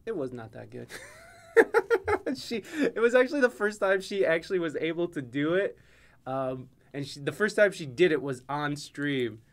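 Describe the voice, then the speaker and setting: Goofy rambling podcast host, a man. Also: high-pitched. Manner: goofy, rambling, jokey with frequent laughs. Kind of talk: casual podcast chat.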